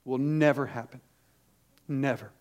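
A man preaching a sermon to his congregation with emphatic, urgent delivery, hitting key words hard and dropping into quick asides. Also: mid-range voice, fairly even intonation, darkish tone. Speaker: pastor.

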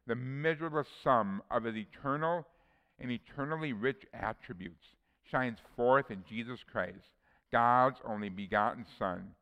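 A man delivers an earnest sermon, reading scripture aloud between plain personal asides. His voice is smooth and resonant at an ordinary pitch, and a long reverb trails behind it in a church hall. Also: a little slow, fairly bright tone, muffled recording. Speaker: preacher.

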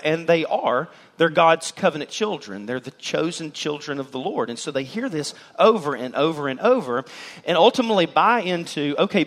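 Animated pastor preaching to a congregation. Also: male voice, sits high. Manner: animated, asks the congregation questions and acts out quoted voices. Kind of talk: sermon. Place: church sanctuary.

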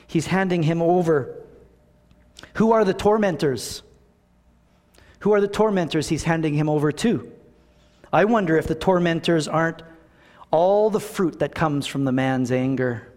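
A man preaching a conversational, animated sermon as a pastor in a church, asking the congregation rhetorical questions. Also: fairly high pitch, normal speed, pauses often. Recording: long reverb of a church hall.

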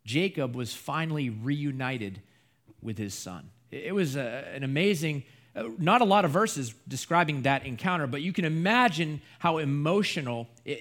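A man preaching a sermon, retelling a scripture story in a lively storytelling way. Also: medium pitch. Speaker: pastor.

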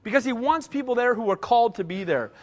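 A man's voice: very high voice, expressive, quick pace. A middle-aged male pastor giving a conversational sermon, repeating short punchy phrases and often checking in with the congregation by asking "right?".

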